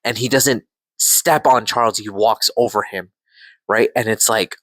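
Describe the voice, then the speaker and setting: Man, casual excitable reviewer, heavy filler words and cursing; dry close sound. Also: fairly low pitch, unhurried, no echo, poor audio. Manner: excitable, swears, fills with "like". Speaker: podcast show reviewer.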